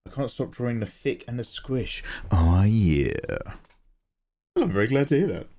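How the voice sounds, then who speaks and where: A man's voice: medium pitch, expressive, fast talker, a little mellow. A man chatting casually on his livestream while drawing, joking and bantering, with casual swearing.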